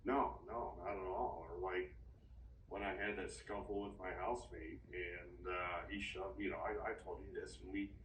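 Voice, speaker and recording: Man, very low voice, rambling, halting, distant mic, echoey room with faint ambience. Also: steady tone, fairly bright tone, slight background noise. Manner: halting and rambling, restarts often. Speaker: therapy client. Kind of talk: casual session talk.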